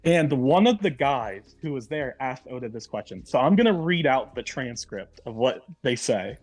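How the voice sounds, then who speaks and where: A man's voice: mid-range voice, expressive, moderate pace, soft background music. A man co-hosting a casual podcast chat, walking through a theory at length and reading quotes aloud. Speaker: podcast co-host.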